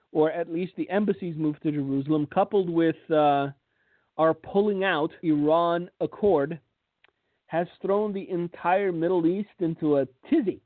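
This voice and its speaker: A man's voice: fairly high pitch, dry recording. A man hosting a radio commentary, blunt and sarcastic, who often repeats words as he starts a thought. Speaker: radio host and preacher. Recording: tinny phone-like line.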